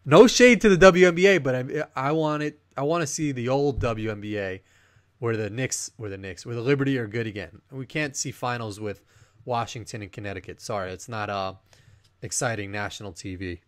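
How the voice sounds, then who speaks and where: A man co-hosting a sports podcast in casual chat, rambling and animated, laughing often. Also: medium pitch, a little fast, no room sound. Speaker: podcast co-host.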